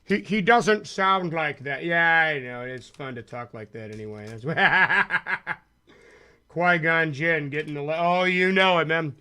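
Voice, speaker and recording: A man's voice: fairly high pitch, measured pace, pushed and bright, clear, resonant tone. A man live-streaming a game, chatting casually with viewers in a rambling, self-deprecating, jokey way. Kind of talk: casual live-stream chat while playing.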